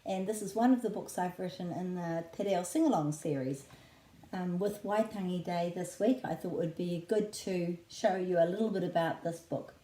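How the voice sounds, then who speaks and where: A woman with a New Zealand accent, a children's book author teaching in a clear, patient way and spelling out words slowly. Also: lowish voice, dark tone, roomy sound, low-quality recording. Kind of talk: friendly teaching talk.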